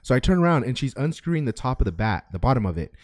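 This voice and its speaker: A young man spins a story in loose, profane podcast chat, slipping into the voices of the people in it. He sits at a middle pitch, and the sound is close and dry, with no room around it. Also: very fast, no echo. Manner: animated, profane storytelling with acted-out quotes. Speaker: podcast co-host.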